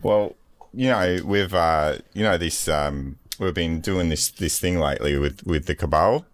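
A man voicing a gruff Aussie bogan commander in a role-play, halting and full of fillers. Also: low-pitched, pitched below the performer's own voice. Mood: rambling.

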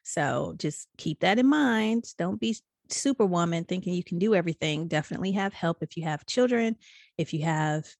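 Woman, podcast co-host, candid casual storytelling, lowish voice, dry close sound. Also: normal speed, vocal fry, no echo. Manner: candid, animated storytelling with laughs. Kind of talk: casual chat.

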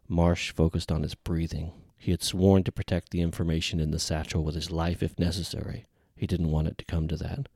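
A man narrating an audiobook in a steady, even reading. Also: low-pitched, normal speed, gravelly, dry recording, clean studio sound.

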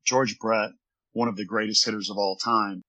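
Husky-voiced man telling a story. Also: fairly low pitch, little pitch movement, normal speed, bright, forceful tone, rough recording. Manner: earnest, rambling anecdotes. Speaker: former baseball pitcher. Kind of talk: storytelling in an interview. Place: his office.

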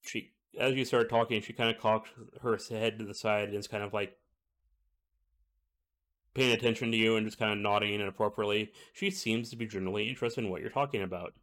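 A man's voice: fairly low pitch, steady tone, fairly quick, fairly bright tone. A man narrating a tabletop game as game master, in a casual way with frequent fillers.

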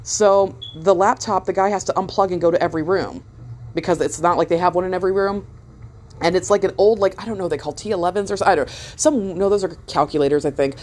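A woman in her thirties with a slightly low voice recounts a story in a loose, rambling way. She swears freely and trips over her own words, and her pitch rises and falls as she gets animated. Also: quick pace, slight background noise. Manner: rambling, profane, animated retelling with many fillers. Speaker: mother telling a story. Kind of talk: casual storytelling.

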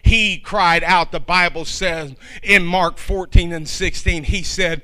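A middle-aged male preacher with a high, ringing voice. He delivers his sermon with emphasis, stacking up repeated phrases. His tone is very bright and cutting. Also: a little slow, smooth.

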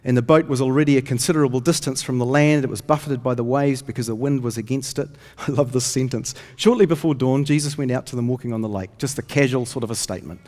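A man's voice: mid-range voice, fast talker, few pauses, a little mellow. A man preaching a sermon, telling stories earnestly and lifting his voice when he reads scripture. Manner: earnest storytelling, rises when reading scripture. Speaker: pastor. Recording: long hall reverb.

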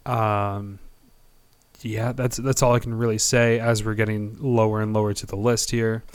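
A man's voice: medium pitch, no echo. Rambling man on a sports podcast. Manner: rambling, halting, self-deprecating. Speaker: podcast co-host. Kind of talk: casual sports podcast chat.

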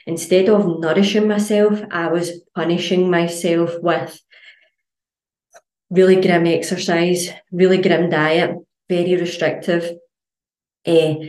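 A Scottish woman, a health and fitness coach, gives a casual podcast monologue in a fairly low voice. She is blunt and sweary, telling her stories with loads of energy and animation. The room adds a roomy echo to her voice.

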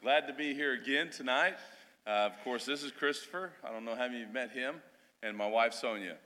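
A man's voice: medium pitch, brisk, pushed and bright. A man, a missionary who grew up in Australia, speaking at a church service in a folksy, joking way. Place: church sanctuary. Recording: reverberant church hall.

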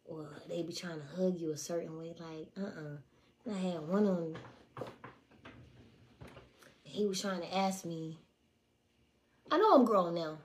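A woman in her twenties telling stories on a casual livestream, blunt and profane. She swings between hushed asides and loud, animated outbursts. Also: on the low side, measured pace, pauses often. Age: 20s. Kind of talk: casual storytelling to a live audience.

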